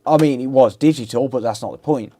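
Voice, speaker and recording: Talking fast in a warm, medium-pitched voice, this man from England's Black Country fixes electronics on a live stream. He chats easily with his audience, laughing a lot and calling out chatters by name.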